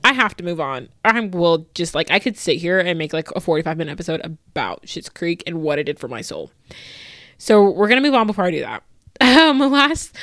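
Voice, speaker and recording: A woman's voice: fairly low pitch, fairly bright tone, dry recording, clean studio sound. A young woman in her twenties hosting a casual solo podcast, gushing and laughing often as she fangirls. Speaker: podcast host.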